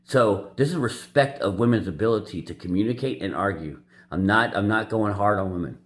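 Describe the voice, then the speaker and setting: A man commenting casually over a court clip, in halting asides with frequent restarts. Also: lowish voice. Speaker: channel host commenting on a clip.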